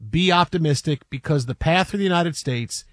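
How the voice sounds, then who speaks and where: A man hosts a casual sports talk show, slightly high in pitch. He is chatty and steers the talk with playful mock grandness. The sound is dry and close. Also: fairly quick, dry recording.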